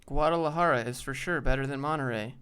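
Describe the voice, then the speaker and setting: A man's voice: mid-range voice, quick pace, fairly bright tone, clean tone. A young man hosting a casual live stream, thinking aloud as he browses job listings and answers viewers.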